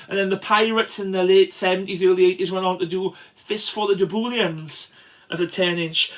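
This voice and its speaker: A man casually showing records from his collection, chatty and enthusiastic, with frequent pauses and restarts. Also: high-pitched, bright, forceful tone. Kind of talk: casual record show-and-tell.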